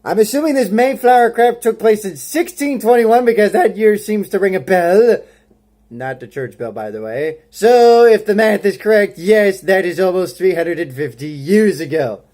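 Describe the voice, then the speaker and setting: A man's voice: high-pitched, animated, normal speed, darkish tone. Sarcastic man ranting as he reviews. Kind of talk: sarcastic comedic review commentary.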